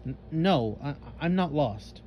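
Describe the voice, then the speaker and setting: A man's voice: a little high, expressive, takes it slowly, highs cut off, a little hiss or hum. A man voicing a shy, nervous young female Tasmanian tiger creature who stammers when flustered.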